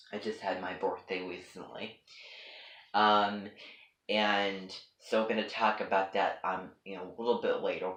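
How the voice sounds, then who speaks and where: A man's voice: deep voice, a bit bright, echoey room, rough recording. A man vlogging to camera in a rambling, hesitant way, full of ums and false starts, as if chatting with his viewers. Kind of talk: rambling one-sided chat to camera.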